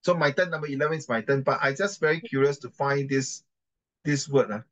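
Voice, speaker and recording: A man's voice: mid-range voice, a little fast, a bit bright, rough recording. Guy teaching english reading, chatty, keeps correcting himself. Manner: chatty, repeats and corrects himself, mixes in Chinese. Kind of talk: reading class with commentary.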